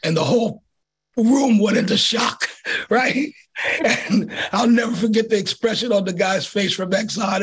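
Husky high-voiced pastor guy, middle-aged, telling a story, gets animated. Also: normal speed. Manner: animated storyteller, acts out quotes. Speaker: pastor and community organizer. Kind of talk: storytelling in an interview.

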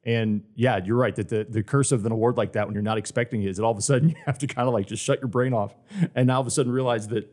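Fast-talking friendly male interviewer. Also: mid-range voice, steady tone, darkish tone. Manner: quick, friendly, asks questions with fillers. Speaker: podcast interviewer. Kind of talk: casual podcast interview.

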